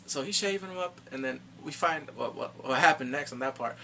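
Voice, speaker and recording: A man casually reviewing a TV series in slangy, animated chat, laughing often. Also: a little high, brisk, vocal fry, a little hiss or hum. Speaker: show reviewer.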